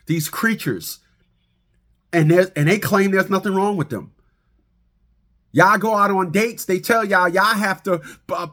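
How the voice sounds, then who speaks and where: A man ranting comically to his viewers, animated, stammering and laughing at his own jokes. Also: a little high. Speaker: vlogger. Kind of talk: comic rant to camera.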